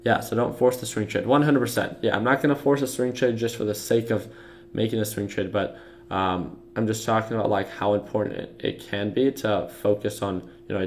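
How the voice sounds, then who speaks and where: This is a young man running a casual trading livestream, commenting on the market for live viewers in a loose style full of fillers and restarts while he covers charts. His pitch is fairly low, and a little hiss or hum is audible.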